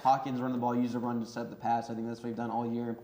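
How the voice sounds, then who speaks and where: A young man chats on a sports panel with an excitable, laughing energy, rattling off stats. His voice sits at an ordinary pitch. The studio adds a roomy echo. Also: fast. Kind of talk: casual sports panel chat.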